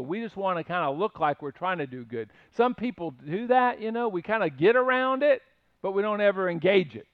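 A man's voice: high-pitched, no echo, lo-fi sound. A man preaching a conversational sermon, earnest and emphatic as he retells stories. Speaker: pastor.

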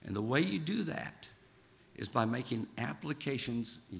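A male preacher delivers an earnest sermon in a hoarse, croaky voice with a gravelly edge. He leans into key phrases and slows down on them. The sound carries a long church-hall reverb over a faint room hum. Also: mid-range voice, expressive.

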